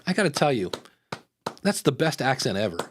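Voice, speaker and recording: A man's voice: mid-range voice, very animated, brisk, noisy background. A man hosting a live podcast, talking in a rambling, jokey, upbeat way. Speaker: podcast host. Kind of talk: casual live chat.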